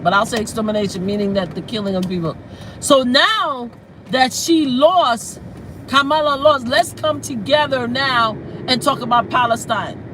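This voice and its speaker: An outspoken woman chatting on a casual livestream, with a bright, forceful edge to her voice. She is animated, curses freely and laughs her way through stories. A faint hum of noise sits behind her. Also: sits high, rough recording. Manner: breaks into laughter while storytelling; loses track of names and trails off. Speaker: livestream host. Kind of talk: casual live-stream talk.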